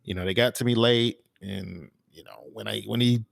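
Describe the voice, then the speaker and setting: This podcast co-host has a lowish voice with vocal fry and talks at a moderate pace. The clean studio recording has no room sound as he chats casually, telling meandering stories packed with fillers and restarts.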